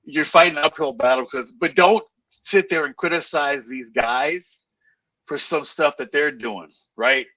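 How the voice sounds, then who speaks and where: A man with a bright, forceful voice gives blunt, slangy opinions in casual live-stream chat. He sits back from a dry-sounding mic. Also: on the high side, measured pace, no room sound, recorded from a distance, highs cut off. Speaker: co-host of a bodybuilding watch party.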